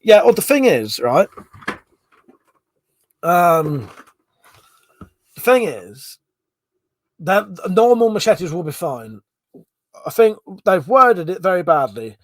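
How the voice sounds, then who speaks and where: A man's voice: high-pitched, sing-song, takes it slowly, long pauses, dry recording. A man hosting a casual livestream, chatting and reading out viewer comments, swearing now and then. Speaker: livestream host.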